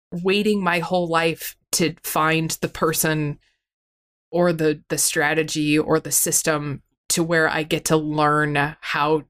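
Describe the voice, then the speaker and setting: A woman with a fairly low voice speaks in a raw, tearful, rambling way. She fills her talk with "like", swears freely and turns her words against herself. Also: a bit bright. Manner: rambling, frequent "like", self-critical, swears often. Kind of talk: emotional candid conversation.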